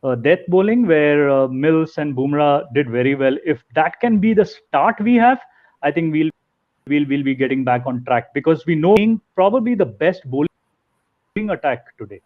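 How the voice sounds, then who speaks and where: A man's voice: fairly high pitch, animated, moderate pace. A man, a fan guest talking earnestly and a bit hesitantly. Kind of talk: casual chat. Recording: muffled lo-fi call audio.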